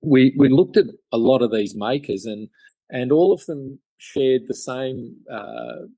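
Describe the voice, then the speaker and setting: A man's voice: mid-range voice, sing-song, a little slow, mellow, dry recording. A middle-aged Australian man telling stories in a podcast interview, rambling with many fillers and restarts. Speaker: guest chairmaker.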